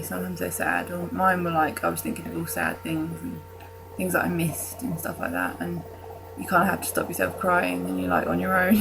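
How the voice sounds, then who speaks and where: A young British woman vlogs casually to camera in a lowish voice with vocal fry, against a noisy background. She rambles with fillers and restarts and makes self-mocking jokes.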